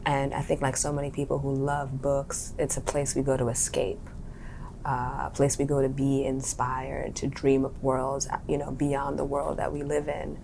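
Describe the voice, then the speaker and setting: A young woman with a notably low voice talks thoughtfully as an interview guest. She is from Harlem and searches for her words, often restarting a phrase. A faint rumble sits under the recording. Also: gravelly. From Harlem, New York. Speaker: actor and writer, interview guest. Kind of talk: reflective interview talk.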